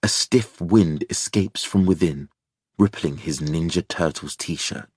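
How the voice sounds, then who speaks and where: A man narrating an audiobook thriller in a measured, even storytelling manner. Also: low voice, breathy edge, dry recording, clean studio sound.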